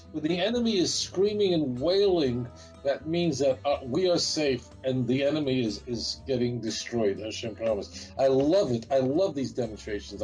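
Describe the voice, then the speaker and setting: A man's voice: mid-range voice, darkish tone, poor audio. A man, a rabbi speaking as an interview guest, talking in an emphatic, defiant, repetitive way. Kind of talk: heated interview talk.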